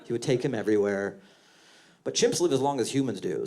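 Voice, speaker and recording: A man's voice: medium pitch, lively intonation, fairly quick, vocal fry, dark tone. A man doing stand-up on stage before a live audience, talking in a conversational, self-mocking way with punchy jokes. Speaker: stand-up comedian. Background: audience laughter.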